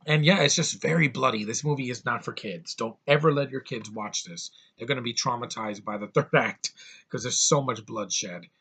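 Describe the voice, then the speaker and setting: Guy doing a movie review, blunt, swears a lot, rambly, bright voice. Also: mid-range voice, normal speed, creaky, slightly rough. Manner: blunt, rambling, swears often, many restarts. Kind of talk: casual film review.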